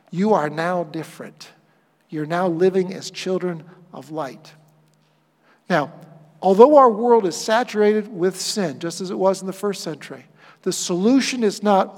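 Speaking at a normal pace in a high voice, a male pastor delivers his sermon with swings from forceful emphasis to quiet asides, and a long reverb tail trails his words.

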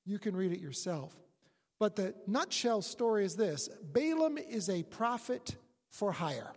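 A preacher delivers a sermon as lively storytelling, the pitch leaping around as they act out characters. The voice has a breathy, husky edge. It is captured with long reverb, as if in a large church hall. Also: unhurried. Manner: storytelling, animated retelling with acted-out quotes.

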